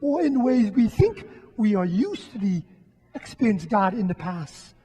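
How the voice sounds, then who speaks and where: A high-voiced Catholic priest, very animated yet gentle and reflective, delivers a sermon at Mass with frequent pauses. His soft, husky, mellow tone echoes in the long reverb of the church.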